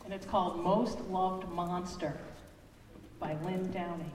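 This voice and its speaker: A woman's voice: lowish voice, steady tone, slow, a little mellow, slight background noise. A woman reading a picture book to children during a church service, asking them friendly questions. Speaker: worship associate reading a children's story. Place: large church sanctuary. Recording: echoey church hall from far off.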